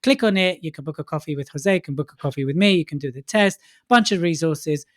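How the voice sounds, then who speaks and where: A man co-hosting a podcast in casual chat, playful, tossing in quick asides. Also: on the high side, no room sound, clean studio sound. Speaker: podcast co-host.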